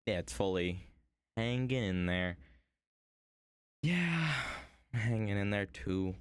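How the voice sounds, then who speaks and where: A man's voice: sits low, steady tone, measured pace, clean tone, dry recording, studio quality. A man streaming himself woodcarving at home, chatting to viewers in a rambling, playful way. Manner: rambling, playful, talks to chat. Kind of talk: casual chat while woodcarving.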